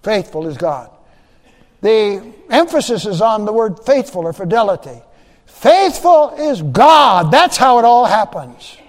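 High-voiced preacher in a reverberant hall. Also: male voice. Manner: emphatic preaching, repeats phrases, rising and dropping loudness. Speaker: pastor. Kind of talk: sermon.

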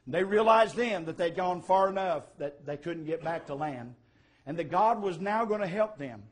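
A man preaching a sermon, swelling to emphatic, louder passages and dropping to quiet asides. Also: sits high, expressive, moderate pace.

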